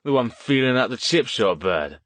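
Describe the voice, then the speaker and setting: A man's voice: medium pitch, very animated, normal speed, a bit bright, no echo, voice pushed up. A man doing a sneering drunken young thug. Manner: crude, mocking.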